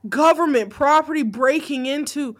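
A young woman co-hosting a podcast, talking in a blunt, animated, profane way, often laughing. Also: high voice, normal speed. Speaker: podcast co-host. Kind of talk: casual chat.

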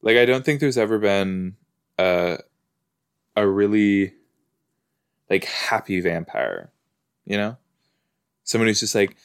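A man's voice: lowish voice, takes it slowly, long pauses, clean tone. A man hosting a podcast, chatting casually while watching a TV episode, rambling with lots of "like" and "you know". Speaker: podcast host. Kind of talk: casual watch-along commentary.

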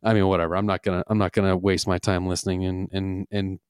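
A man's voice: low voice, little pitch movement, fast, clean tone, dry recording, clean studio sound. A man co-hosting a casual sports podcast, talking earnestly and thinking aloud with restarts. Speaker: podcast co-host.

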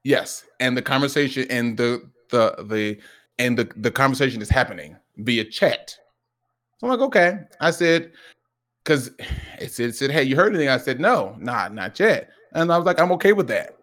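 A man co-hosting a podcast, telling a story in casual chat, restarting often and acting out what people said with sudden jumps in pitch. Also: normal speed. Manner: animated storyteller, acts out quoted lines with jumps in pitch; frequent restarts and repeated words. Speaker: podcast co-host.

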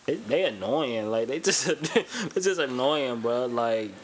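A young man co-hosting a podcast in casual chat, relaxed and blunt, laughing often. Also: mid-range voice, takes it slowly, a little hiss or hum.

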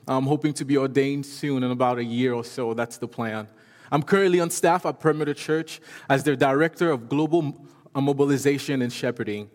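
A man's voice: on the high side, big-room sound. A man in his thirties from Haiti with a French accent, preaching an earnest, lightly humorous sermon as a guest preacher. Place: church sanctuary.

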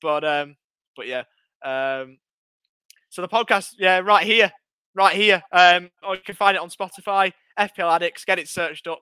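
A man's voice: sits high, moderate pace, sharp tone, clear, resonant tone, dry recording. A man co-hosting a fantasy football podcast, bantering and plugging the show. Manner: bantering, calls people mate. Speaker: podcast co-host. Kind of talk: casual fantasy football chat.

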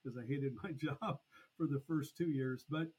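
A middle-aged man, a podcast guest, telling a long story in a lively conversational way. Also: medium pitch, normal speed, breathy edge, low-quality recording. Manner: animated, acts out past conversations. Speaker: podcast guest, annuity expert.

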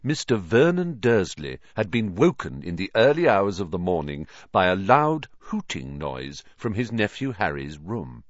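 A man reading a children's novel aloud as an audiobook narrator, with an expressive storytelling delivery. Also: deep voice, measured pace, few pauses, no echo, highs cut off. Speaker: audiobook reader.

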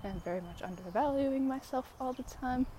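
A woman talking casually to her viewers while walking outdoors, out of breath and breathy, rambling with lots of fillers and little laughs. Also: sits high, moderate pace, noisy background. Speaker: vlogger. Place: outdoors on a walk, birds about.

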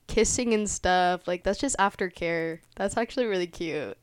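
A woman's voice: lowish voice, moderate pace, few pauses, clear, resonant tone. A young woman from the Bay Area hosting a casual solo podcast, rambling with lots of fillers and laughing easily. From San Francisco Bay Area. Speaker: podcast host.

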